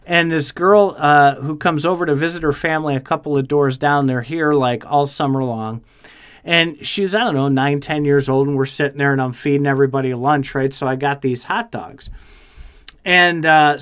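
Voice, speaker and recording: A man co-hosting a casual podcast chat, telling lively stories and swearing freely. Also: fairly high pitch, clean tone. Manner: animated storyteller, swears freely. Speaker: podcast co-host.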